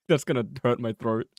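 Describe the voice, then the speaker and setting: A young man chats through a game stream with loose, joking energy and plenty of swearing. His voice swings widely in pitch and sits a little high. The sound is dry and close, from a mic that peaks. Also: no room sound. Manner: animated, swearing, laughing, joking. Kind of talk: casual gameplay commentary. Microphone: close mic, peaking loud.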